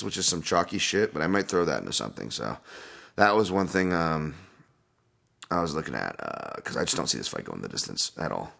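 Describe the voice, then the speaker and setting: A man with a deep, low voice talks through fight predictions in a loose, rambling podcast style. He fills his thoughts with ums and uhs and restarts his sentences as he goes, recording casually at home. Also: creaky, a bit bright. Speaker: podcast host, fight analyst. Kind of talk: casual solo podcast breakdown. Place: at home, dog nearby.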